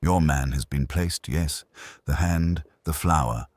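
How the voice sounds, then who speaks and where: A man voicing a practical, brisk older aristocratic woman. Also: a bass voice, dry recording.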